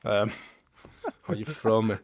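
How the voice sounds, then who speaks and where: A man's voice: fairly low pitch, a little slow, slight background noise. A man co-hosting a casual football podcast, full of sweary, laughing banter. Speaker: podcast co-host.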